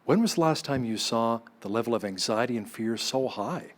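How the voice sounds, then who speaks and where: A man's voice: mid-range voice, expressive, moderate pace. A man anchoring a TV news segment in a studio, introducing his guest and asking conversational questions. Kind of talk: TV news interview.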